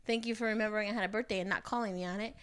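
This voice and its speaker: A woman's voice: medium pitch, steady tone, very fast, a bit bright, clear, resonant tone. A woman in her thirties telling stories bluntly in casual podcast chat, swearing freely and acting out the lines of the people she quotes. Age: 30s. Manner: blunt, profane storytelling with acted-out quotes. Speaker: podcast co-host.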